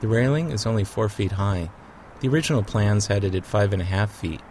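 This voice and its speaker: Man, low voice, somber reflective documentary narrator. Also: brisk, a little mellow, slight background noise.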